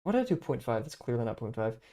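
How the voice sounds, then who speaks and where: A man's voice: mid-range voice, very animated, quick pace, mellow. A young man, chatting casually on a live stream while he draws, rambling with many fillers and restarts.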